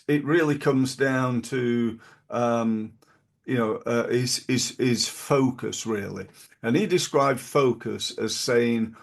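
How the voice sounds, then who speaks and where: A middle-aged British man with a gravelly, creaky voice hosts a podcast. He gives business advice in a loose, chatty way, full of fillers, restarts and asides. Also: medium pitch. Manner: rambling, many fillers and restarts. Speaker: podcast host. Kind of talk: casual advice talk.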